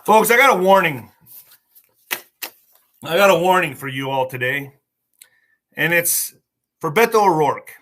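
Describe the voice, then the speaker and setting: A man hosting a political livestream, talking in an excitable, mocking, rambling way with many asides. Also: fairly high pitch. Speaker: livestream host.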